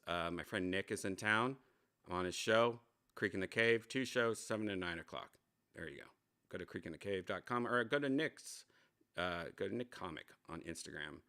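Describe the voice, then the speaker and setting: A man's voice: low voice, sharp tone, clear, resonant tone. A man hosting his own show in a casual, rambling livestream chat, full of profanity and self-mocking riffs. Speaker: host. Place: home studio.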